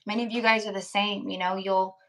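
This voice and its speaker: Chatty woman with a hoarse voice. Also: medium pitch, flat delivery, a little fast, fairly bright tone. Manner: chatty, reads out chat names, frequent "like" and laughs. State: voice going hoarse. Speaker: tarot reader hosting a live stream. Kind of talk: casual live-stream chat.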